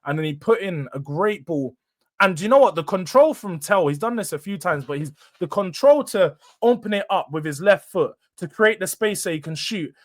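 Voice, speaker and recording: A young man hosts a fan reaction show, speaking in a fairly high voice. He rants with frustration, building into sudden loud outbursts before dropping back down. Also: lively intonation, moderate pace. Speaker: host. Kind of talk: fan match reaction monologue.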